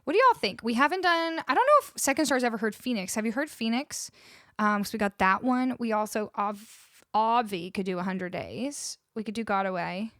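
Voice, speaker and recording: A woman singer-songwriter chatting casually with her live viewers, bubbly and effusive and quick to laugh, on a close studio mic. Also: on the high side, lively intonation, bright, forceful tone, no echo. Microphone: close studio microphone.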